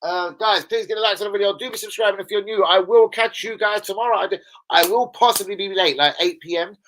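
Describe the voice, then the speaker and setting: A man's voice: high-pitched, quick pace, a bit bright, slight background noise, rough recording. A young adult man hosting a football fan livestream, chatting casually with heavy swearing and rambling banter. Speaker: football fan channel host.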